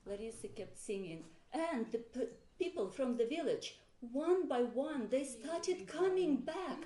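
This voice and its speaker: Animated woman telling a story in an echoey hall. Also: sits high, measured pace. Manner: animated, laughing, acts out quoted voices. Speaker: seminar participant sharing a story. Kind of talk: casual storytelling to a group. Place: monastery hall with a group present. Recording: echoey room, faint background noise.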